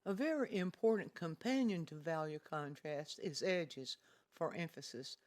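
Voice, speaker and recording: A patient painting teacher walks viewers through a canvas in a livestreamed art lesson. The delivery is calm and deliberate, and key ideas come back in repeated phrases. The voice sits at an ordinary middle pitch. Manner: calm, deliberate explaining, pointing out areas of a painting. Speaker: painting instructor.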